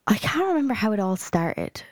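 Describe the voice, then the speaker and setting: A woman's voice: mid-range voice, big pitch swings, fairly quick, darkish tone, no room sound, studio quality. A young Irish woman hosting a podcast alone, chatting casually in a blunt, rambling way, full of fillers and swearing. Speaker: podcast host. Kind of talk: casual solo podcast chat.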